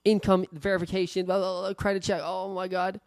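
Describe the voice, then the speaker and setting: A man's voice: sits high, monotone, fairly quick, creaky, smooth, no echo. A man, a real estate investor giving a webinar, talking bluntly and heatedly, swearing freely and leaping up for emphasis. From Canada. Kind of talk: unscripted webinar talk.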